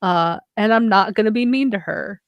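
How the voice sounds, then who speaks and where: A woman's voice: mid-range voice, normal speed, clear, resonant tone, dry recording, muffled recording. A young woman co-hosting a podcast in casual chat, rambling along with many "like" fillers. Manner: rambling, heavy use of "like" as a filler. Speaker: podcast co-host.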